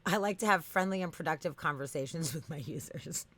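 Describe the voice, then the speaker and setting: A woman voicing a self-righteous chatbot that lectures in a low, firm tone. It talks in insistent, repeating lists and never gives ground. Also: a little fast, fairly bright tone. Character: stubborn defensive chatbot, machine, self-righteous.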